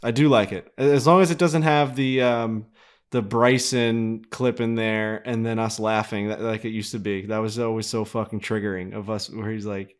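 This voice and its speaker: A man's voice: lowish voice, steady tone, moderate pace, clean tone. A man co-hosting a golf podcast in casual chat, laid-back and self-mocking, swearing freely. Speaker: podcast co-host.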